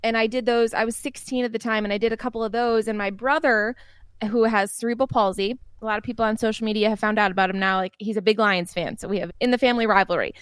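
Guest: young woman, quick chatty storyteller, slightly high voice, dry mic. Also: clean tone, no room sound. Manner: chatty, laughs often, animated anecdotes. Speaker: interview guest. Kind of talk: casual storytelling in an interview.

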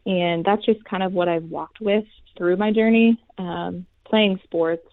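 A young woman in her twenties, a former college athlete, giving an earnest faith testimony as a guest, soft-spoken with many pauses. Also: lowish voice, steady tone, no echo. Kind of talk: heartfelt faith testimony in an interview. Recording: tinny phone-like line.

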